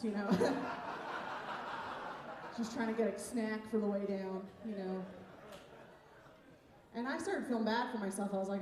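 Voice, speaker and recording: A woman's voice: mid-range voice, measured pace, pauses often. A woman doing a stand-up set on a comedy club stage, chatty and self-mocking, laughing at her own jokes. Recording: echoey room, far from the mic, noisy.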